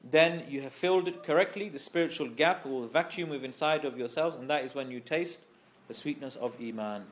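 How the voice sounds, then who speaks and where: A man's voice: mid-range voice, a little fast, slight background noise. A man teaching a scripture class, explaining patiently, repeating key phrases, and carefully pronouncing Arabic terms. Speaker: Islamic teacher.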